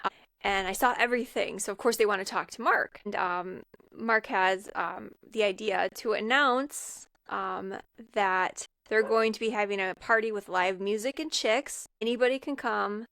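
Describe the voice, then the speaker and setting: A woman's voice: medium pitch, moderate pace, a bit bright, dry recording, studio quality. A woman co-hosting a podcast, casually retelling a movie scene by scene with lots of fillers. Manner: rambling retelling with many fillers. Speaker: podcast co-host. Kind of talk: casual chat, retelling a film.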